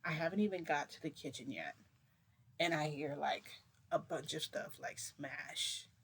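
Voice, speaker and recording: A woman recounts a long story in loose, casual speech, stumbling over restarts and packing in fillers. She keeps her voice low and hushed. A faint background hiss sits under her voice. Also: a little slow. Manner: rambling, filler-heavy retelling with many restarts; speaks low to keep quiet. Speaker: storytime vlogger.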